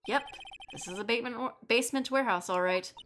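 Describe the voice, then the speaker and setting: A woman voicing a dry, unimpressed young male lawyer in a flat, deadpan way. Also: a little high, quick pace, a little hiss or hum, close to an everyday voice.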